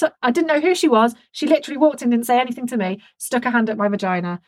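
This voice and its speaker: A woman's voice: fairly high pitch, rapid-fire, few pauses, darkish tone, no room sound. A woman co-hosting a podcast, telling a story candidly and with energy, swearing freely. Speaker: podcast co-host. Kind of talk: frank casual chat.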